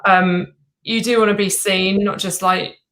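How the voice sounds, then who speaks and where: A woman's voice: medium pitch, fairly even intonation, a little slow, fairly bright tone, low-quality recording. A woman talking candidly as a guest on her husband's show, reflective and a little hesitant. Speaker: guest, host's wife. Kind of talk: casual conversation.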